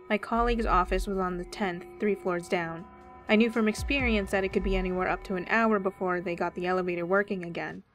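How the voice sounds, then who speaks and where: A woman's voice: mid-range voice, steady tone, a little fast. Woman narrating a horror story. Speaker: story reader. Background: faint background music.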